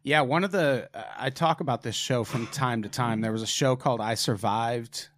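A man hosting a casual podcast chat, retelling stories with animated asides. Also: mid-range voice, normal speed. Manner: animated retelling with acted quotes. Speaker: podcast host.

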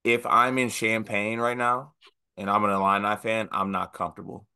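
A young man co-hosting a sports podcast in a relaxed, joking chat. His voice sits a little low but rings bright and forceful. He slips into mocking voices to poke fun at coaches. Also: normal speed, smooth. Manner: animated, joking, mocks with put-on quotes. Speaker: podcast co-host.

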